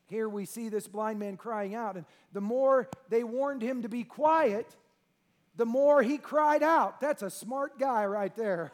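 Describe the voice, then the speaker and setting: High-voiced preacher, swinging loud and soft. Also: male voice, measured pace. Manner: preaching with sweeping swings from hushed to shouting. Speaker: pastor. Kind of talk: sermon.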